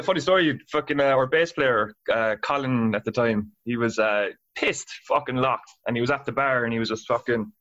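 A man's voice: mid-range voice, a bit bright. An Irish man in his thirties, a band guitarist, telling tour stories casually, swearing a lot and laughing as he goes. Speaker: band guitarist and singer, guest. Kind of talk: casual storytelling. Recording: dull lo-fi sound.

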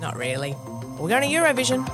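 A woman's voice: on the high side, sing-song, over loud music. Playful woman radio host. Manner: playful, quick-witted banter. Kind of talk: chatty radio hosting.

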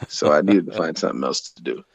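A man's voice: a bass voice, fast, creaky, slightly rough, no room sound. A man guesting on a podcast as a pro wrestler, talking in a laid-back, easygoing way with frequent laughs. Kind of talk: casual chat.

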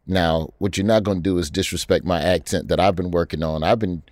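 A man's voice: deep voice, fairly even intonation, fairly quick, a little mellow, no room sound, studio quality. A man, a stand-up comedian, joking in a casual chat with a mock-offended, playful manner.

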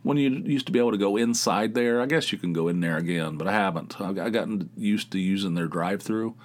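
A man with a fairly low voice talks through his week in a loose, meandering monologue. He swears casually and leans on filler words as he goes. It sounds like an unscripted solo podcast. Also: fast. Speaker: podcast host.

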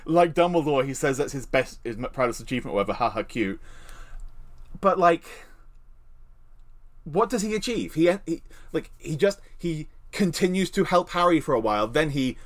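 A man co-hosting a podcast, talking in a casual, opinionated way and swearing casually. His pitch sits a little high and moves in a lively, animated way. He often restarts his sentences with "like". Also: moderate pace. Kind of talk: casual chat.

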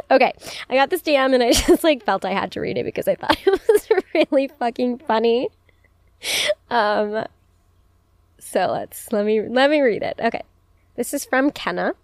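A woman's voice: on the high side, no room sound, studio quality. Chatty, profane young woman podcast host. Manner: chatty, profane, laughs often, says "like" a lot. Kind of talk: casual chat, advice podcast.

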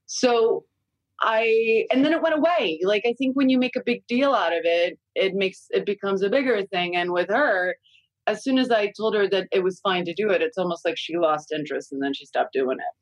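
A woman in her forties talks candidly into a studio mic, swearing freely as she spins animated parenting stories. Her voice is mid-pitched and dry, with no room echo. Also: moderate pace. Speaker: guest consultant. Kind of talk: casual podcast chat.

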